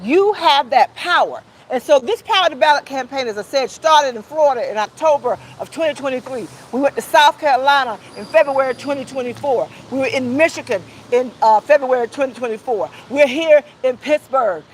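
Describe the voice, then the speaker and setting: A woman with a very high voice addresses a press conference like a rally. She leads call-and-response chants with a rousing, preacher-like drive. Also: animated, a little fast, few pauses, a little hiss or hum, rough recording. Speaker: coalition leader speaking at a press conference.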